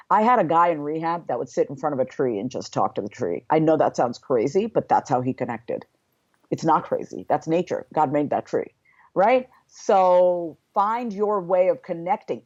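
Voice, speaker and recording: Woman guest, lowish voice, lively and frank, dry lo-fi sound. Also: no echo. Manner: animated, acts out inner voices. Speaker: podcast guest. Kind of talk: candid interview talk.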